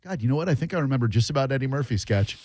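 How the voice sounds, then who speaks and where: A man's voice: mid-range voice, lively intonation, very fast, a little mellow, dry recording. A male radio host taking callers in a studio, talking in a mocking, sarcastic way. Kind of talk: call-in radio talk.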